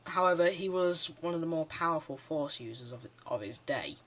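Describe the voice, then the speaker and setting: A man's voice: a little high, animated, moderate pace, a bit bright. A man giving casual countdown commentary for his own video, rambling and eager, tossing in "yeah" often and restarting his sentences. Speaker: video creator.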